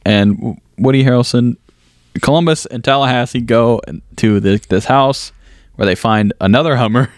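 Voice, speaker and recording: A podcast co-host rambles through a plot recap in a casual movie review chat, filling it with fillers and laughs. His voice is medium-pitched and his speed normal, captured in a dry, studio-quality recording.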